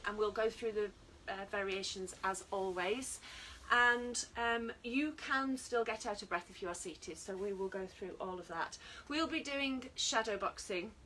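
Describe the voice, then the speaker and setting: A woman's voice: fairly high pitch, fairly bright tone, recorded from a distance, a little hiss or hum. A British woman teaching an online exercise class, chatty and encouraging, joking at her own expense. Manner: chatty, encouraging, self-deprecating. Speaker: fitness instructor.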